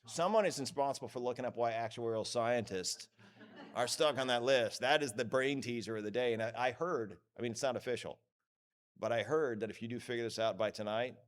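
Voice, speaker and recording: A man giving a lively, joking lecture at a conference, acting out what others say. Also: mid-range voice. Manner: lively, joking, acts out quoted voices. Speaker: conference speaker. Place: conference hall.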